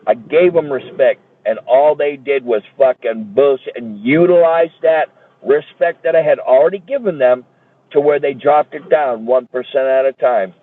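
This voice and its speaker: A man's voice: mid-range voice, normal speed, dry recording. A man ranting in a heated, profane and repetitive way, as if streaming a monologue. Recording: tinny phone-like dry audio.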